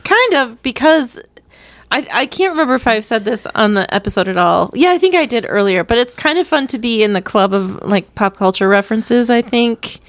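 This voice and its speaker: Young woman podcast cohost, giggly, kinda high voice, dry sound. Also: lively intonation, normal speed, dry recording. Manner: giggly, teasing, easygoing. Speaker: podcast co-host. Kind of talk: casual chat.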